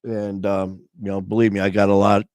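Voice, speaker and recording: A man's voice: fairly low pitch, little pitch movement, fairly quick, darkish tone, no echo, clean studio sound. A man hosting a livestream, chatting casually in a rambling, informal way full of fillers. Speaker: livestream host.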